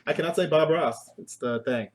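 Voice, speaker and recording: A man with a voice on the high side hosts a casual live stream from his home kitchen at normal speed, with slight background noise. He's goofy and rambling, mocking himself and making up silly songs.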